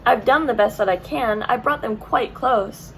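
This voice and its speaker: A woman's voice: fairly high pitch, normal speed, vocal fry, a bit bright, a little hiss or hum, voice pushed up, poor audio. A woman voicing a frightened young boy who pleads and stammers, in a read-aloud storybook. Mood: pleading.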